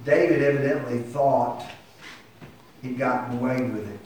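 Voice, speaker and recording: Impassioned preacher in an echoey hall. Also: male voice, mid-range voice, moderate pace, darkish tone, a little hiss or hum. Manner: impassioned, rising to emphatic peaks. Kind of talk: sermon. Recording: echoey hall heard from a distance.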